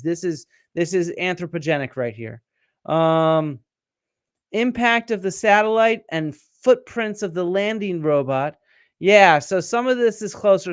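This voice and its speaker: A man's voice: high-pitched, smooth, no echo, studio quality. A middle-aged man hosting a live-stream science show, explaining and quizzing viewers from their comments, with many fillers and restarts. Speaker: archaeologist and show host.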